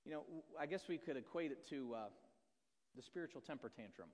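A man's voice: mid-range voice, lively intonation, fairly quick, a little mellow. A man preaching a sermon in a conversational, self-deprecating way, often asking the audience questions. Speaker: pastor. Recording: long reverb of a large hall.

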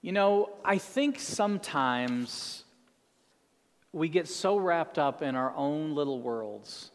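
A man's voice: a little high, expressive, slow, long reverb tail. A man preaching a sermon as a pastor, telling a story earnestly.

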